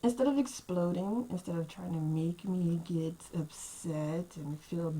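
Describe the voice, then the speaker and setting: A woman's voice: measured pace, low-quality recording. Exasperated woman venting to camera. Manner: animated, exasperated, acts out quotes with big pitch jumps. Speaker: vlogger. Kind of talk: casual storytelling rant to camera.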